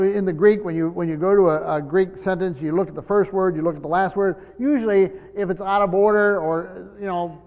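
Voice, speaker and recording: A man preaching a verse-by-verse sermon as a pastor, earnest, often repeating words and leaning hard on key words. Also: high voice. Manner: earnest, repeats words, stresses key words, voices imagined speakers. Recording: dull lo-fi church hall recording with long reverb.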